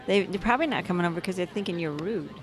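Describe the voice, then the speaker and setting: A woman's voice: on the low side, lively intonation, rapid-fire. A woman co-hosting a casual chat outdoors in a garden, easygoing and teasing, laughing often. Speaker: co-host.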